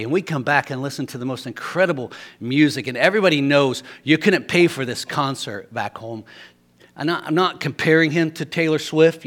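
A man's voice: on the high side, fairly bright tone. A man preaching a sermon as a storyteller, often repeating words as he restarts a thought.

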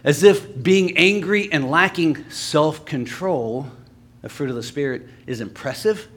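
A man's voice: a little high, measured pace, a bit bright. A male preacher giving a casual, joking sermon in a church, slipping into sarcastic asides.

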